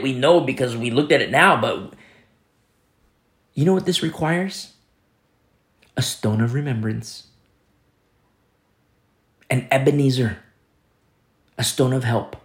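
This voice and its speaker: A man preaching a sermon, acting out quoted speakers with sudden swings between loud, high calls and low, hushed asides. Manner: dramatic, voicing quoted speakers with big swings in pitch and loudness. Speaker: pastor.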